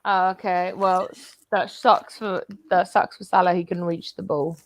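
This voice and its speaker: A woman's voice: on the low side, steady tone, a little slow, dry recording, poor audio. A woman joining a football watchalong with brash, crude taunting banter. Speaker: co-streamer. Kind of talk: casual banter.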